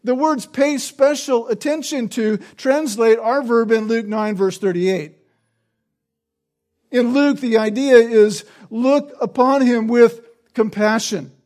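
A man's voice: extremely high pitch, slow pace, darkish tone. A man preaching an expository sermon, explaining the text and often checking in with the listeners through tag questions.

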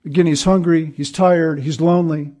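A man's voice: on the high side, steady tone, normal speed, mellow. A man preaching a sermon, earnest and emphatic, building points through repetition. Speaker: pastor.

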